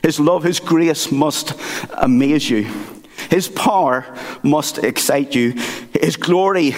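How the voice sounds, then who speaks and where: A man, a pastor, preaching a sermon and telling a story in an earnest, halting way with many restarts. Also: a little high. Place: church sanctuary. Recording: church hall reverb.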